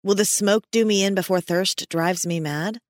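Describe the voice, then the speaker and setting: A woman's voice: mid-range voice, moderate pace, no room sound, clean studio sound, natural voice. A woman voicing a tense, stubborn climbing guide in her mid-thirties, muttering clipped words to herself. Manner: clipped, muttered self-talk.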